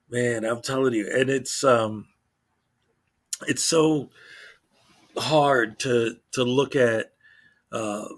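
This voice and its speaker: A man's voice: mid-range voice, fairly bright tone. A man hosting a casual morning commentary stream, rambling and indignant, with many fillers and restarts. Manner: mocks others in quoted voices. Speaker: channel host.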